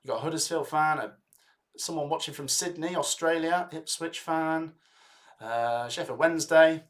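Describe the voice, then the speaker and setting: A man's voice: fairly high pitch, normal speed. A young man hosting a live football watch-along, chatting casually, urging viewers to like and comment, and rattling off club names from the chat. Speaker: livestream host.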